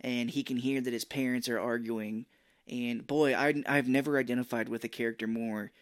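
Dude co-hosting a movie podcast, chatty and jokey, middle pitch, does little silly voices. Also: male voice, steady tone, moderate pace, no echo, clean studio sound. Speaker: podcast co-host. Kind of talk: casual movie-review chat.

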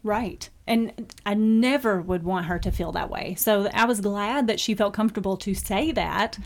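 A woman's voice: medium pitch, normal speed. A middle-aged woman hosting a podcast discussion, talking in a matter-of-fact way and telling stories with animation. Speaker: host.

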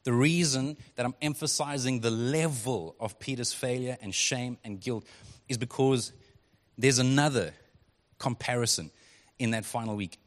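A male pastor preaching a sermon in a relaxed, conversational way, reading scripture and breaking into quick acted quotes. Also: mid-range voice. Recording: long hall reverb.

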